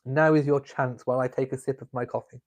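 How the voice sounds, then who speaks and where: A man's voice: medium pitch, fairly even intonation, fast. A man hosting a casual live stream from home, reading viewer comments aloud and chatting in a camp, playful way. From England. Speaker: vlog host reading live chat. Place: home, drinking coffee.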